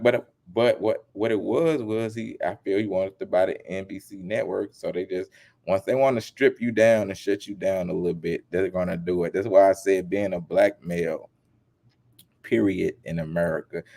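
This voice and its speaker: A man giving casual commentary as a vlogger, animated and emphatic, with lots of slang. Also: low voice, gravelly.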